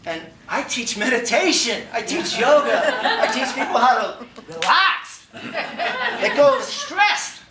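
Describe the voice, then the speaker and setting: A man giving a humorous story speech at a contest, animated and acting out dialogue, laughing along. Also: very high voice, slow, very noisy. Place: meeting room before an audience. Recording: echoey room, mic far off, faint ambience.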